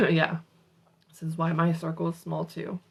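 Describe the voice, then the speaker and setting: Gravelly low-voiced woman reading aloud. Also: slow pace, fairly bright tone, poor audio. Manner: casual, salty, sassy asides. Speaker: motivational host. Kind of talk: reading a self-help book aloud with asides.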